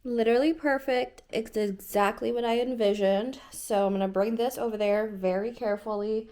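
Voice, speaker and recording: A woman's voice: a little high, fairly even intonation, moderate pace, music in the background. A woman in her late twenties, chatting casually in a home vlog, rambling and often correcting herself mid-sentence. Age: 20s. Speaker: vlogger.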